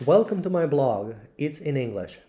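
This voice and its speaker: A man's voice: fairly high pitch, sing-song, mellow. Man reading English lessons aloud. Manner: slow, careful read-aloud delivery. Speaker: English teacher. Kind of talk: reading textbook passages aloud.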